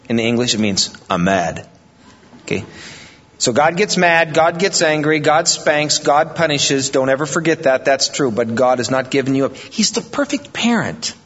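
A male pastor preaching a sermon, animated and conversational, mixing emphatic passages with joking asides. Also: medium pitch. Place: church sanctuary. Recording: dull, lo-fi audio with long reverb in a large hall.

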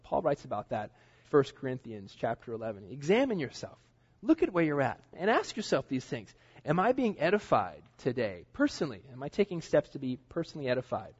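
Middle-aged guy preaching in church, kinda husky, talks casual and earnest, muffled lo-fi recording. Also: medium pitch, a little mellow. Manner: conversational, earnest preaching with asides. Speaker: pastor. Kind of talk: sermon.

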